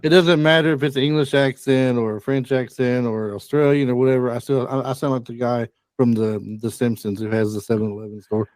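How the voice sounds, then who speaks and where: A man's voice: medium pitch, steady tone, fairly quick, hardly any pauses, darkish tone, no echo. Self-deprecating man guest on a podcast. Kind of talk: casual movie podcast chat.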